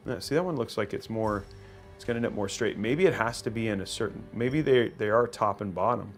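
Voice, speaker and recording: A man's voice: on the low side, brisk, soft background music. A man hosting a PC-building livestream, thinking aloud as he works, trailing off and restarting his sentences and reading out viewer messages. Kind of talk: casual livestream chat while building a PC.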